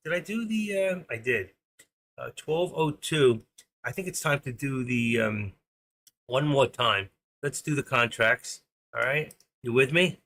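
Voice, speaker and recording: Um homem na casa dos sessenta anos, apresentador de uma transmissão ao vivo, fala de forma solta e opinativa. A voz é clara e brilhante. Ele pula de histórias pessoais para números do mercado. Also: male voice, medium pitch, lively intonation, unhurried, a bit bright. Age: 60s. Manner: chatty, opinionated, jumps between stories and market numbers. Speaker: live stream host. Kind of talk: rambling live-stream chat.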